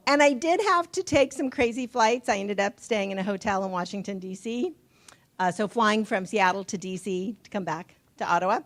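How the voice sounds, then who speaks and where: Woman telling a lively personal story. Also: mid-range voice, moderate pace. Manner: lively anecdotal telling with laughs. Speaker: events committee member sharing. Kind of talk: personal storytelling at a recovery meeting.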